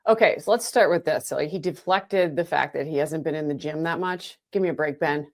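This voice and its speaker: A woman's voice: deep voice, fairly quick. A woman talking as a guest analyst on a sports podcast, emphatic and conversational. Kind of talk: casual podcast chat.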